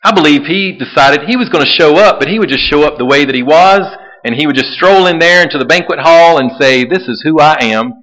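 Bright-voiced man preaching a lively sermon. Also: a little high, fairly quick, few pauses, low-quality recording. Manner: animated preaching, acts out quoted voices. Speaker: pastor.

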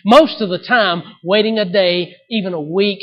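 High-pitched male preacher, dramatic loud-to-soft delivery, dull recording. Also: moderate pace. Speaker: pastor. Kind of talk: sermon.

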